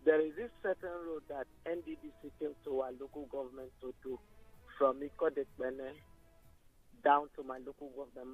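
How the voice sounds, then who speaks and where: A man's voice: on the high side, slightly rough. A man with a Nigerian accent calling in to a radio show, making insistent, emphatic complaints. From Akwa Ibom State, Nigeria. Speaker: caller. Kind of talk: phone-in call. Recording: tinny phone line.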